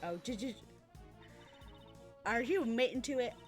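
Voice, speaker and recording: A woman's voice: fairly high pitch, expressive, normal speed, soft background music, lightly acted. A woman voicing a brash female photographer with a put-on American Southern accent and folksy, emphatic talk.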